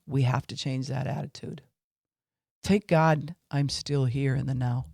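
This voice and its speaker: A man's voice: fairly high pitch, a little mellow, dry recording, clean studio sound. A man teaching on faith and emotions in an informal podcast talk, with fillers, acting out what people say.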